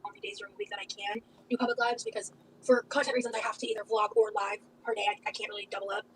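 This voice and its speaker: A woman livestreamer chatting casually and talking fast, often repeating words and talking over others. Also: medium pitch, fairly even intonation, recorded from a distance, a little hiss or hum. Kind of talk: casual live-stream chat.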